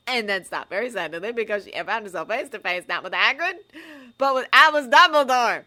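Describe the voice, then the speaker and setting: A woman narrating a fan-written story in an expressive, audiobook reading style. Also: mid-range voice, fairly quick. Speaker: fanfiction reader.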